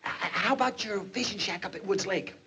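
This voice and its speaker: An actor playing a bumbling, eager young husband in a 1940s film comedy, stammering and keen to please. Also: male voice, high-pitched, fairly quick, bright, forceful tone, husky, heavily acted. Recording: muffled 1940s film soundtrack with hiss.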